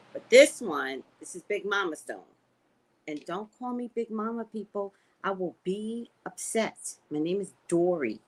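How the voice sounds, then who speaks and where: An older woman hosting a casual live stream, chatting with viewers and greeting them by name in sudden high squeals. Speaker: live-stream psychic host.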